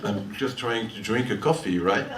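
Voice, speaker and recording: On stage between songs, an older man from France spins a long, meandering story in a French accent, laughing often as he chats. A guitarist, he speaks at normal speed with a fairly low pitch over a noisy crowd, captured from far off in a roomy listening hall with faint noise.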